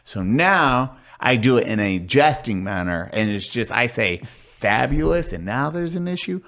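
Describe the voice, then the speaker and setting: A man's voice: medium pitch, big pitch swings, moderate pace, fairly bright tone. A man hosting a casual podcast, telling stories animatedly, acting out the voices of others, and swearing freely. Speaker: podcast host.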